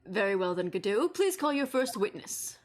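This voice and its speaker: A woman's voice: medium pitch, very animated, normal speed, natural voice. A woman reading as a fussy old courtroom judge. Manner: formal courtroom phrasing. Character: fussy, easily confused old male judge.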